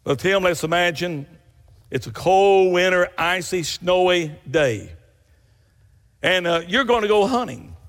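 High-voiced preacher in an echoing hall. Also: male voice, expressive, measured pace, fairly bright tone. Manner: folksy storytelling with rising emphatic bursts. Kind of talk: sermon.

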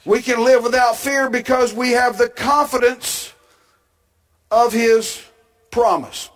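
A man preaching a sermon, with an emphatic delivery that builds to shouted climaxes and drawn-out phrases. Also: extremely high pitch, fairly even intonation.

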